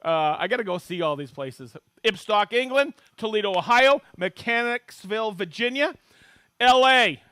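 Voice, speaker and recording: A chatty, middle-aged man from Maine, USA, hosts a livestream demonstrating tools, his fairly high, bright voice clear and resonant at a moderate pace. He jokes along and reads out viewers' hometowns in sudden excited bursts. The sound is dry and close, with no room echo.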